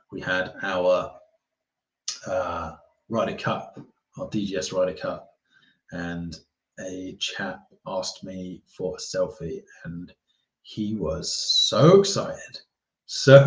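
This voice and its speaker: A man chatting casually on a live stream as a golf YouTuber, rambling and reading viewer comments aloud. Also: low voice. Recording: roomy, dull lo-fi sound.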